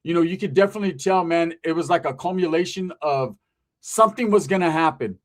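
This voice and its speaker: A man's voice: on the high side, brisk. A man hosting a casual commentary monologue, talking in a loose conversational way, often asking "right?" and correcting himself. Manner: conversational, frequent "right?" asides, profanity, self-corrections. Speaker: commentary channel host.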